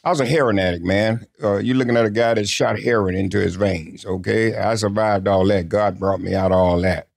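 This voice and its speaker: An older man sits for an interview and spins his stories in a low voice. He talks in a casual, lively way and acts out what others said to him. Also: brisk, gravelly, hardly any pauses. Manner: lively anecdotal storyteller who acts out quotes. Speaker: interview guest.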